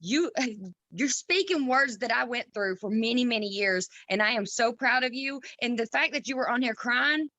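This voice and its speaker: Bright, dry-sounding supportive woman. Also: on the high side, lively intonation, normal speed, no room sound. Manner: warm-hearted, direct, calls people girl. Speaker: group member. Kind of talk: supportive casual talk.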